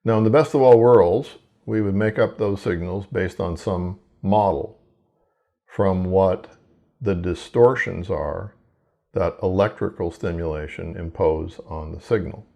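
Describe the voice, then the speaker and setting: A man who researches hearing, giving a measured, explanatory scripted lecture. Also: deep voice, gravelly, warm tone.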